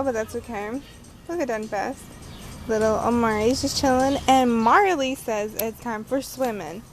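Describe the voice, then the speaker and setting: A young woman chatting casually to the camera while filming her pets in the yard, giggling and talking to her dog in a sing-song voice. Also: high voice. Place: outdoors in a yard. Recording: noisy outdoor home video.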